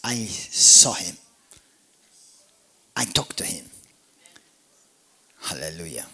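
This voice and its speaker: A man with a Maltese accent, preaching a lively, joking sermon as pastor at a church service, calling on the congregation to answer back. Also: low-pitched, slow, vocal fry, long pauses, husky. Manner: animated, jokey, call-and-response preaching.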